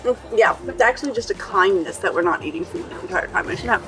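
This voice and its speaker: A woman's voice: medium pitch, fast, music in the background. A woman hosting a travel vlog, chatting playfully while tasting cake in a cafe. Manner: chatty, playful, talks with mouth full. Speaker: travel vlogger host. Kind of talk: casual chat while tasting food. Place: cafe, standing. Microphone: clip-on microphone.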